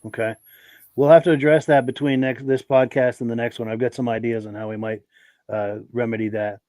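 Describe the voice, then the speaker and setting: A man hosting a live podcast with a gravelly voice and a lingering cough. He talks straight to his viewers in a friendly way. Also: medium pitch, flat delivery, fairly quick, a little mellow, dry recording. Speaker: podcast host.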